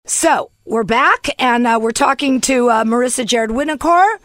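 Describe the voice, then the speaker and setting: A woman hosting a casual interview, cheering her guest on with quick interjections and compliments. Her voice sits a little higher than usual, with a dry, close sound. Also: no echo. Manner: encouraging, quick interjections and flattery. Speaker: host.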